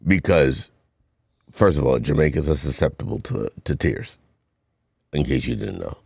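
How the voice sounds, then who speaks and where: A man's voice: rumbling low, big pitch swings, normal speed, gravelly, darkish tone, breathy edge, dry recording. A man, co-hosting a podcast and trading teasing banter while telling stories on a studio mic. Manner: teasing, boastful storyteller. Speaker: podcast co-host. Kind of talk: casual banter.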